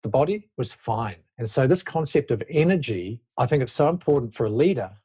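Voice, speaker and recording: Appearing as a leadership expert guest, this man has a medium-pitched, husky, warm voice with lively intonation and a brisk delivery. In conversational interview talk, he lays out his thinking loosely and reflectively, frequently starting sentences over.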